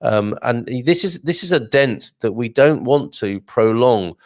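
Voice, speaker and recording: A man's voice: medium pitch, expressive, measured pace, dry recording, studio quality. Chatty man hosting a live show. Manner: chatty, rambling with many fillers and asides. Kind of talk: casual live-stream chat reading viewer comments.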